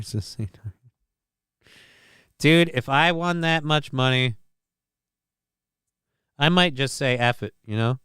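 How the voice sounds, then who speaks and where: A man's voice: fairly high pitch, expressive, moderate pace, pauses often, sharp tone, clean tone, no echo, studio quality. A man hosting his own live-stream show, reading news items aloud and riffing on them in a profane, rambling way. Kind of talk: casual live-stream commentary.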